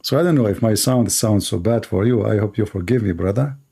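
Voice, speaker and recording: A man's voice: fairly low pitch, brisk, creaky, warm tone, breathy edge. A man from the Middle East whose first language is Arabic, speaking English with an Arabic accent. He hosts a call-in debate show and talks in a mocking, sarcastic, teasing way. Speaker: host, Christian apologist. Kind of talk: debate show talk with callers.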